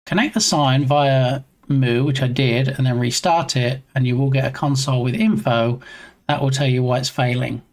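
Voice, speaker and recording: A game-dev streamer talks through a stubborn device connection, half to themself and half to chat. The voice sits at an ordinary middle pitch. They read menu text aloud in a flat murmur, then brighten to welcome someone who has just arrived. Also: normal speed. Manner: muses to self, reads screen text aloud, chats with viewers. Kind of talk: live-stream thinking aloud while troubleshooting. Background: headphones on.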